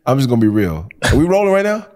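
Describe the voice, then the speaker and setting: A young man from Detroit hosts a laid-back podcast chat, teasing and bragging with a lively, swooping delivery. His voice sits at an ordinary middle pitch. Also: rapid-fire. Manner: playful, teasing, boastful. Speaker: podcast co-host. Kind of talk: casual banter.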